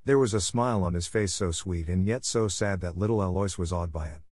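A man narrating a classic novel in a measured, gentle reading. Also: deep voice, dry recording, clean studio sound. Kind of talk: scripted storybook narration.

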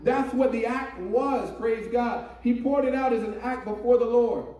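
A man's voice: very high-pitched, normal speed, warm tone. A man preaching a sermon with fervor, repeating praise God and hallelujah between his phrases. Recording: echoey room, mic at a distance.

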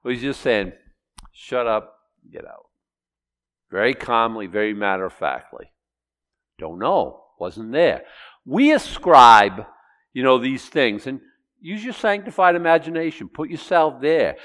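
Man, middle-aged pastor, sermon, animated, quizzes the congregation, very lively pitch, long hall reverb. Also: a little slow. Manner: animated, acts out Bible voices and asks the congregation questions. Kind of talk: expository sermon.

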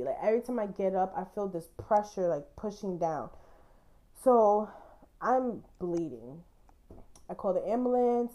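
A young woman with a mellow, medium-pitched voice hosts a podcast, telling a personal story bluntly and candidly and swearing casually along the way.

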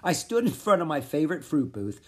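Lively, expressive children's book reader. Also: medium pitch, brisk. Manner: expressive, animated. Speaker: audiobook narrator. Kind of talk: storybook read-aloud narration.

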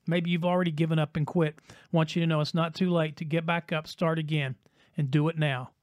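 A man preaching a broadcast sermon, with rhythmic repetition, dramatic pauses and swings between loud and hushed delivery. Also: fairly high pitch, level tone, dry recording, clean studio sound. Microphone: broadcast mic.

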